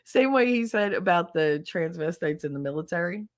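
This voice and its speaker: Chatty woman host, lower voice. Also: moderate pace. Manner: chatty, laughs often, animated; swears casually. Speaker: podcast host. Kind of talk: casual solo chat.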